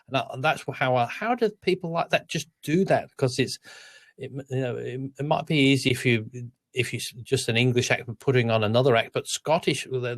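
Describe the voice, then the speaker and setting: An Australian man chatting on a casual weekly podcast, wandering through his thoughts with restarts and trailing asides. His voice sits at a middling pitch and is recorded dry and close. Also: no echo. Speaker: podcast co-host. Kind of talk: casual chat.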